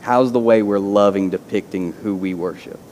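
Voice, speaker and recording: A man's voice: fairly low pitch, normal speed, a little mellow, long reverb tail, slight background noise. A man preaching a sermon as a pastor, earnest, often repeating words as he starts a phrase. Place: church sanctuary.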